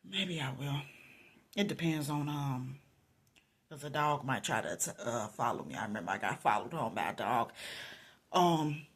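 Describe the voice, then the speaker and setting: A woman, telling a personal Christian testimony in an animated way, quoting both people in the story and swinging from low murmurs to loud outbursts. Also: normal speed, pauses often, husky. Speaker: Christian vlogger sharing a testimony.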